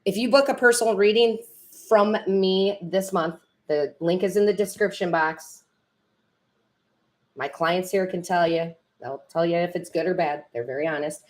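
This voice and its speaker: A woman's voice: fairly low pitch, normal speed. A woman tarot reader and medium chatting with viewers on a live stream, rambling and correcting herself, teary and emotional.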